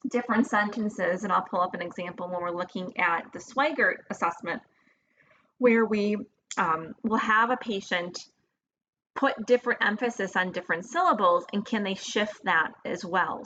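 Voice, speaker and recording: A woman's voice: medium pitch, sharp tone. A woman giving a recorded lecture in a casual, hesitant way with fillers and restarts. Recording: dull lo-fi recording with faint noise.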